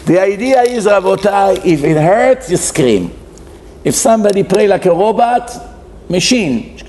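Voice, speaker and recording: A man's voice: high voice, a little slow, a little hiss or hum. A man, a rabbi, giving a humorous sermon, animatedly acting out the figures. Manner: animated storyteller acting out characters in quotes.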